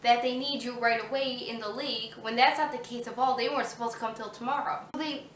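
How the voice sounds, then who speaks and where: A woman chatting casually about a book she loved, retelling the plot excitedly with lots of "I'm like" asides. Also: a little high, quick pace, slight background noise. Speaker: book reviewer. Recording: roomy echo, distant mic.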